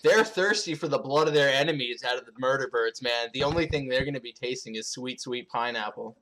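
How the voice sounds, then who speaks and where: A man co-casting a live game stream in a relaxed, ribbing way. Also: medium pitch, brisk. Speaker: esports co-caster.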